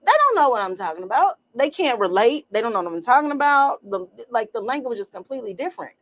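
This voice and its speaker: A woman's voice: fairly high pitch, fast talker. A middle-aged woman talks casually as a podcast co-host. She tells stories with energy and acts out what other people said. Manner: animated storyteller, acts out quotes. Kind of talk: casual chat.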